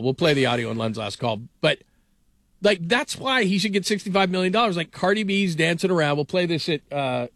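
A middle-aged male sports radio host rambling through anecdotes in a somewhat high voice. He talks loosely, full of fillers and restarts, with the sound close and dry. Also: gravelly, no echo. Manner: rambling storyteller, animated, frequent fillers. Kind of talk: casual sports talk.

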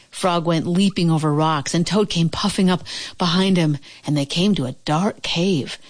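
A woman reading a children's storybook aloud in a gentle, expressive way. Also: on the low side, normal speed. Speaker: narrator.

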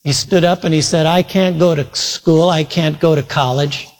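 A man's voice: fairly high pitch, fairly even intonation, normal speed. Man preaching in a reverberant hall. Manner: earnest, retells a story with quoted voices. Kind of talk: sermon storytelling. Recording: long reverb from a large hall.

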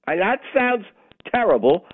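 A man's voice: high-pitched, very animated, normal speed, no echo. A man calling in to a radio show, blunt and insistent, cutting across the host. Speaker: caller. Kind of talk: call-in radio caller. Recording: tinny phone line with faint noise.

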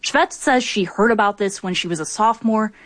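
A woman reporting a news story on radio in a measured, clear delivery. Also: medium pitch, a bit bright, no echo.

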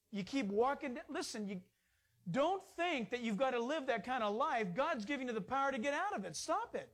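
A man's voice: very high-pitched, big pitch swings, normal speed, a bit bright. Male pastor delivering a sermon, emphatic and conversational. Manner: emphatic, conversational preaching with sudden rises.

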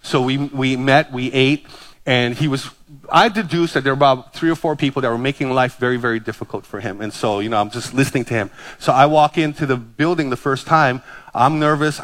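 A man in his fifties from Hawaii, a pastor preaching a sermon with animated, self-deprecating stories and jokes. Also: mid-range voice, quick pace. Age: 50s.

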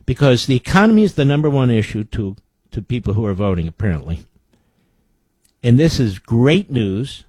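A man's voice: medium pitch, sing-song, moderate pace, a little mellow, husky, no room sound. A man hosting a political talk show, reading news quotes aloud and breaking in with indignant, sarcastic remarks. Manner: indignant, sarcastic asides between quoted reports. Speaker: radio show host.

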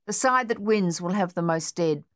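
A dry-witted gunner who delivers bleak jokes in a lowered, flat tone as a woman puts him on. It sounds close and dead, with no echo. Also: moderate pace. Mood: sardonic.

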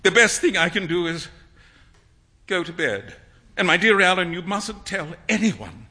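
An earnest young gentleman, quick to sulk, as a male reader voices him. The voice is high and lively. It has a very bright tone. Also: husky, full character voice. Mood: earnest dismayed. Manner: earnest, sulky.

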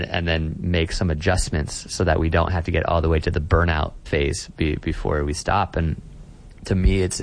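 A man who is a pastor, speaking as an interview guest in an earnest way and often restarting his words while he thinks. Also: low-pitched.

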